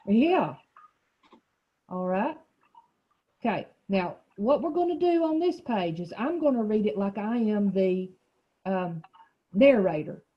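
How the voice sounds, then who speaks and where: A woman teacher guides a small reading group over a video call, pausing to explain words patiently and asking question after question. Her voice is slightly husky, and it comes through dull, lo-fi call audio. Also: mid-range voice, animated.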